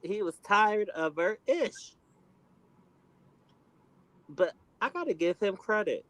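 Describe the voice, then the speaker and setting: A man's voice: high-pitched, lively intonation, slow, bright, forceful tone, no room sound, poor audio. A man on a panel speaking emphatically in casual commentary. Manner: emphatic, acts out quotes.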